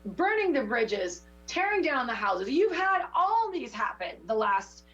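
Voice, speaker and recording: A woman with a fairly high voice coaches someone through a card reading, talking with passion and a preacher's push. The sound is dull and lo-fi, like local TV audio. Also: very animated, a little slow, a bit bright. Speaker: spiritual teacher giving oracle card readings. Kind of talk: intuitive coaching chat.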